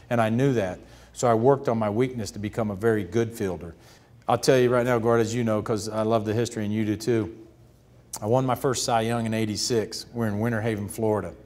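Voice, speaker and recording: A man, telling lively stories as an interview guest and acting out the voices of others. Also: lowish voice. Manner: animated anecdotes, acts out quoted voices. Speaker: interview guest, retired pitcher. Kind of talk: storytelling on stage.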